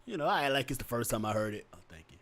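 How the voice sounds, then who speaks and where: A man talking in a relaxed podcast chat, telling stories and swinging between an excited high voice and a deep, low one. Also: very fast. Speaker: podcast co-host. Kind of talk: casual chat.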